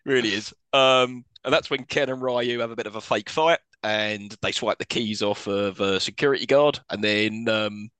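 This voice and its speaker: Male podcast co-host, bright and animated, with a dry close-mic sound. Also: lowish voice, normal speed, hardly any pauses, clean tone, no echo. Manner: recaps the plot with laughing asides. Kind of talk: casual film-review chat.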